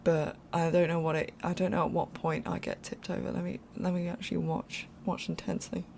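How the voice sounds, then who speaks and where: Narrating her game build casually and off the cuff, a young speed-build creator rambles, says sorry and laughs a lot. She sounds low and darkish with gravelly fry, brisk but flat in delivery, and a faint hum runs beneath.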